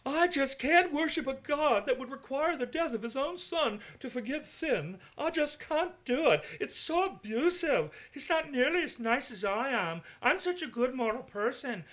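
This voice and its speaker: Male speaker doing a smug, self-righteous churchgoer, mock Swedish, high and whiny. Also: lively intonation, normal speed, few pauses, fairly bright tone. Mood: smug whining.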